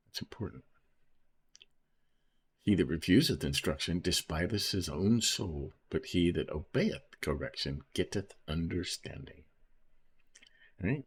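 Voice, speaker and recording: A man with a low, husky voice reads Bible verses aloud and explains them casually, like a teacher, often checking in with "right?" and "okay?". It's informal Bible study commentary.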